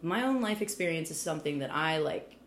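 A woman from Kentucky, a podcast guest chatting casually in a rambling way, full of "like" fillers, retelling a story with lively energy. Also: low voice, fairly quick, slight background noise. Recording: roomy echo.

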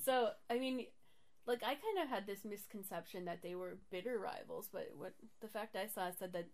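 A woman co-hosting a relaxed podcast, her voice pitched in the ordinary middle range. She keeps breaking into giggles as she reads out facts and chats with her co-host. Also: normal speed. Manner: giggly, laughs often while reading out facts. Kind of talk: casual chat.

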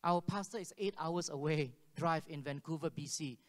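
Animated preaching man in reverberant hall. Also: on the high side, moderate pace. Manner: animated, acts out dialogue with laughs. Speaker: pastor. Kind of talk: sermon storytelling.

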